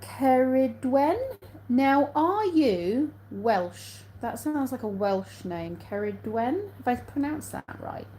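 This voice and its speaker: Mellow-voiced English woman chatting on a live stream. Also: on the high side, sing-song, slow, few pauses, slight background noise, low-quality recording. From England. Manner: chatty, reads out viewer comments and answers them, laughs often. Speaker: vlogger hosting a live stream. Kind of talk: casual live-stream chat. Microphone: phone.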